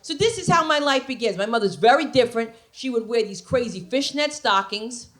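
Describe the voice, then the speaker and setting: New jersey lady doing standup, high lively voice, loud and brash, bit of club noise. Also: a little fast. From New Jersey, USA. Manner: brash, animated storytelling with put-on voices. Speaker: stand-up comedian. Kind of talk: stand-up comedy. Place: comedy club stage.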